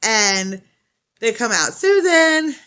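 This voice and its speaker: A woman's voice: on the low side, animated, moderate pace, fairly bright tone. Chatty, rambling middle-aged woman. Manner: rambling, chatty, laughs often. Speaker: crochet vlogger. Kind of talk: casual storytelling chat.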